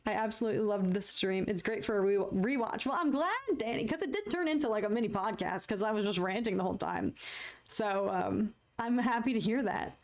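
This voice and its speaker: A woman's voice: mid-range voice, fairly quick. A woman, chatting casually with her livestream viewers, laughing often and poking fun at herself. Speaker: livestream host.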